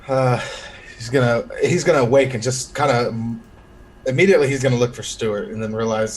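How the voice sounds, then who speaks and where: A man's voice: mid-range voice, fairly even intonation, brisk, rough recording. A man playing a tabletop role-playing game, describing what his character does with hesitations and restarts. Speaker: player.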